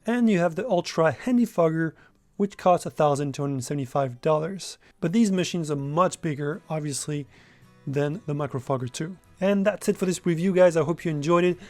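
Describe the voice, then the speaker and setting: A man's voice: a little high, fairly quick, a little mellow, no room sound, faint music behind. Upbeat young man reviewing a gadget. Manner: enthusiastic, direct to camera. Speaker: product reviewer. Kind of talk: casual product review.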